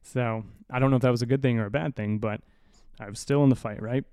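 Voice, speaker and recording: A man hosting a podcast, spinning a casual story in a rambling, swear-laden, self-mocking way. His voice is mellow and smooth, caught close and dry on a studio mic. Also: medium pitch, fairly even intonation, fast, no echo. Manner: rambling, profane, self-deprecating, with many restarts. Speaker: podcast host. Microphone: studio mic through an audio interface.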